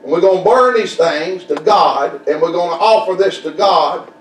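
High-voiced preacher, echoey church. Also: male voice, moderate pace. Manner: folksy, repetitive, call-and-response preaching. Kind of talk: Southern Baptist sermon. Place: church sanctuary. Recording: echoey church room, distant mic.

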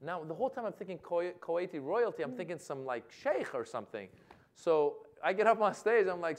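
Animated storytelling man, slightly high voice. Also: a little fast. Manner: animated storytelling, acting out other people's lines. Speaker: comedian. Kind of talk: stand-up style anecdote. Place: lecture hall event.

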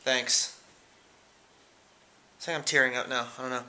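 A teenage guy rambling through shout-outs in a casual vlog at home, giggling and hesitant. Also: mid-range voice, steady tone, normal speed. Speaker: vlogger. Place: room at home.

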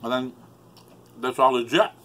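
A man's voice: mid-range voice, normal speed, bright, forceful tone. A man rambling emotionally in a solo vlog, swearing often and close to tears. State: upset, near tears. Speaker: YouTuber.

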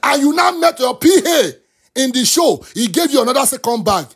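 Impassioned high gravelly Nigerian man. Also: big pitch swings, brisk. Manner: impassioned, switches between English and Yoruba, often bursts into shouts. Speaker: talk show host. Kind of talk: animated commentary rant.

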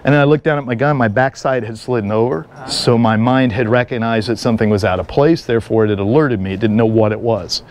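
A middle-aged man teaching a live seminar, an energetic instructor who jokes and tells stories to the class. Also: mid-range voice, fast talker, few pauses. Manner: energetic, joking storyteller. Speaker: firearms and martial arts instructor.

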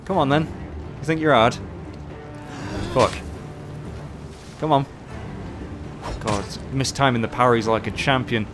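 A man doing casual live commentary while playing, excitable, swearing often and chatting with his viewers. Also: medium pitch, unhurried, pauses often, over music. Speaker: game streamer.

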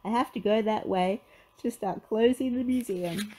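A woman voicing a clumsy, nearsighted museum guard who talks in a high, flustered, hurried way. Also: a little mellow, slight background noise, lightly acted, poor audio.

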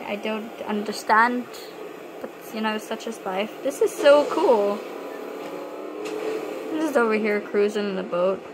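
A young woman chatting excitedly to herself while playing a video game. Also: mid-range voice, unhurried, pauses often. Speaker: gamer. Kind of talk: gameplay commentary. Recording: noisy game audio behind.

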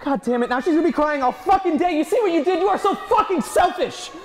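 A man playing a stressed young father in an acting class scene, irritated, swearing and shouting back. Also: extremely high pitch, animated, fast. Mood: furious. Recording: reverberant studio room.

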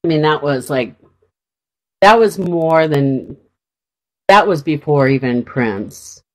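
A woman's voice: deep voice, lively intonation, slow pace, low-quality recording. A middle-aged woman from Minnesota, co-hosting a radio show and telling a rambling story with many fillers, congested from a sinus infection. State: sinus infection, clearing throat. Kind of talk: casual chat. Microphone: studio mic.

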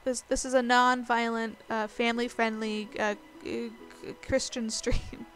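A woman's voice: a little high, little pitch movement, measured pace, fairly bright tone, faint music behind. A young woman streamer chatting casually and joking while she plays a game. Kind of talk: casual gaming chat.

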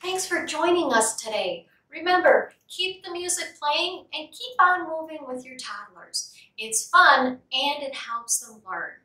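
A woman leading a music and movement program for toddlers, singing simple songs and talking in a slow, sing-song, cheerful way. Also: high voice, animated, bright, forceful tone, recorded from a distance. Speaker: children's music program leader. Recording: echoey room, voice a bit off-mic.

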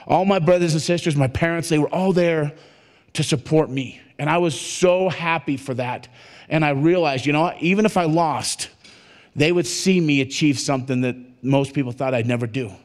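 Animated male keynote storyteller, slightly high voice. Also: normal speed. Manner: animated storytelling, acting out dialogue in jumps of pitch. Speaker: motivational speaker. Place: conference hall at a resort.

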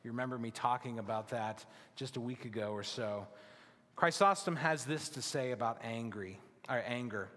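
Pastor guy preaching slow and bright, long church echo behind him. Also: medium pitch. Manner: emphatic preaching with slow deliberate phrasing and falling, hushed endings. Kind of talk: sermon. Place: church sanctuary.

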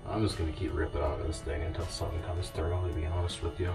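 Guy with a really low voice ice fishing in a shack, gets all hyped at the fish, mic kinda far, music playing over it. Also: fast talker. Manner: excitable, talks to the fish and the viewers. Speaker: fishing vlogger and rental guide. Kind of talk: casual talk to camera while ice fishing.

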